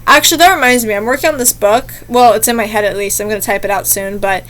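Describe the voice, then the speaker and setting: A woman's voice: on the high side, fast talker, a bit bright. A young woman reading short scary stories and chatting between them in a rambling, easily spooked way. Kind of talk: casual reaction commentary.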